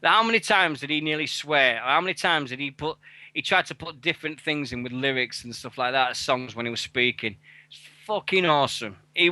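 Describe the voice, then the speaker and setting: A man co-hosting an internet wrestling radio show, talking excitably and swearing freely. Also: on the high side, no echo. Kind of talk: casual internet radio chat.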